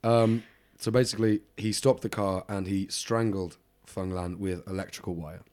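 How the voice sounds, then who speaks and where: A man's voice: sits low, steady tone, normal speed, darkish tone. A man co-hosting a podcast, telling a true-crime story casually with lots of ums and side remarks. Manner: rambling, lots of ums, laughs along. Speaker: podcast co-host.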